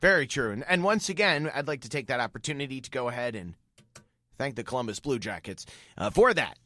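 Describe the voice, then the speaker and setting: Sarcastic, bright-voiced male podcast co-host. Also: medium pitch, lively intonation, dry recording, clean studio sound. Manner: sarcastic, joking, quick asides. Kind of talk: casual sports chat.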